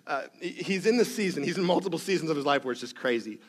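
A man's voice: on the high side, lively intonation, quick pace, hardly any pauses. A man preaching a sermon as pastor, conversational and emphatic, with self-deprecating asides and rhythmic repetitions.

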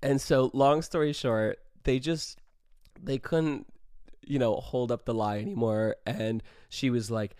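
A man's voice: mid-range voice, unhurried, a little mellow, clean tone, dry recording, studio quality. Laughing young man telling a story. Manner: laughs through his story, swears freely, lots of "like". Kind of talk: casual storytime.

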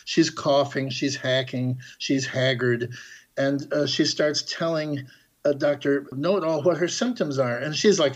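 Casting: middle-aged composer guest, lively storyteller, mid-pitched male voice. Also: lo-fi sound. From Chicago area, US. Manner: animated storyteller, acts out quoted characters. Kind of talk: podcast interview, storytelling.

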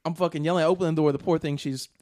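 A man's voice: on the high side, fairly even intonation, racing, darkish tone. A man telling a rambling story in casual podcast chat, swearing often and filling with "like". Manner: rambling, profane, lots of fillers.

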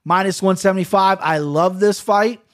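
Rambling Ohio guy, a bit high. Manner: rambling, profane, quick to laugh. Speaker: podcast host picking fights. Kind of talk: casual betting chat.

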